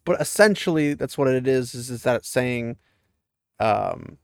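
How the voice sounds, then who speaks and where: A man's voice: mid-range voice, animated, measured pace, gravelly, no room sound, studio quality. A man chatting casually as he recaps a fantasy book, laughing at the story now and then.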